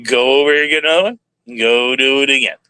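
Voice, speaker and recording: Male streamer, candid rambling monologue, tense bright tone, very dry recording. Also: medium pitch, fast talker, clear, resonant tone, no echo. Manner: rambling, candid, talks to himself aloud. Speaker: livestream host. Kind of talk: casual livestream monologue.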